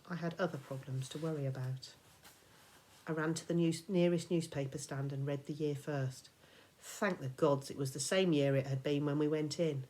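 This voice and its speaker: A woman teacher reading a children's novel aloud, expressive and dramatic, sometimes dropping to a whisper. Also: low-pitched. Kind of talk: storybook read-aloud.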